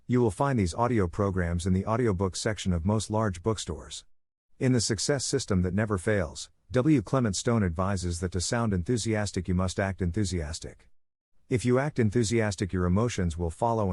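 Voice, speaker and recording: Low-voiced man reading an audiobook. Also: a little mellow, no echo, studio quality. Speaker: audiobook narrator. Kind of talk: scripted narration.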